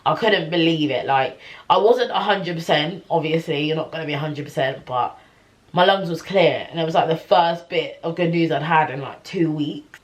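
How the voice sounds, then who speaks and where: A young woman telling a personal story to camera in a chatty, animated way, full of slang and fillers. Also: sits low, moderate pace. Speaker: vlogger.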